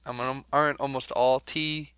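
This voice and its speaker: Bright-voiced man hosting a chat. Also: medium pitch, little pitch movement, measured pace, smooth, dry recording. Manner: prompting questions, teasing and laughing along. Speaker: podcast host. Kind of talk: casual chat.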